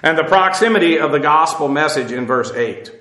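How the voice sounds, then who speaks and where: A man teaching a verse-by-verse Bible lesson, talking off the cuff with many fillers and restarts, slowing down to explain Hebrew and Greek words. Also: fairly high pitch, lively intonation, bright, forceful tone, echoey room, low-quality recording. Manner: explanatory, slows to spell out Hebrew and Greek terms.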